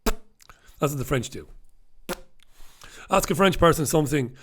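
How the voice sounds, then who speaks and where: A man's voice: a little high, expressive, measured pace, pauses often, fairly bright tone. A middle-aged man hosting a casual live stream from a home studio, chatty and self-mocking. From Ireland. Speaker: host.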